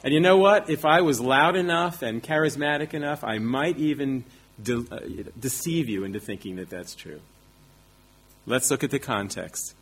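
A man's voice: medium pitch, animated, moderate pace, fairly bright tone, breathy edge. A man preaching a sermon, teaching emphatically with rhetorical questions and self-deprecating asides.

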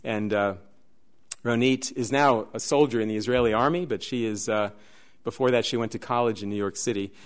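A man preaching a sermon, telling stories in an animated, lively way. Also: medium pitch, brisk. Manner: animated storyteller, shouts and laughs in the dramatic parts. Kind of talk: sermon with storytelling.

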